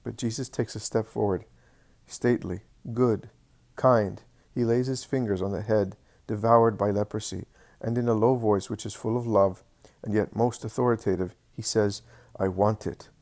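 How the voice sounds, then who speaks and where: Low-voiced man reading a devotional story. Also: normal speed. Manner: steady, reverent narration. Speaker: reader.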